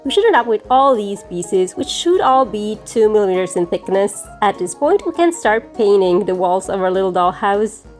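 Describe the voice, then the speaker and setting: A woman hosting a crafting channel, giving friendly, clear step-by-step instructions in a scripted tutorial voice-over. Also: medium pitch, big pitch swings, normal speed, hardly any pauses, a little mellow, faint music behind.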